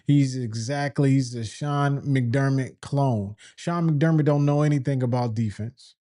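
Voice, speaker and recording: A man's voice: medium pitch, measured pace, warm tone. A man commentating as a football fan, ranting in exasperation, firing off rhetorical questions and repeating himself. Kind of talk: sports opinion rant.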